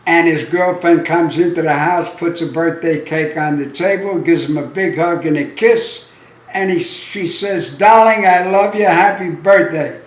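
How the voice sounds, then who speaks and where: A man telling a string of dirty jokes as a stand-up comedian, with a deadpan storyteller's delivery that punches the lines. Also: on the high side, unhurried. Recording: roomy sound from a distant mic.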